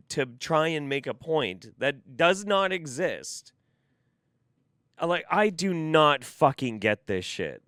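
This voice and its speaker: A man's voice: medium pitch, lively intonation, slow, fairly bright tone, dry recording, clean studio sound. A man giving reaction commentary, ranting in an exasperated, profane way. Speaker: commentary YouTuber.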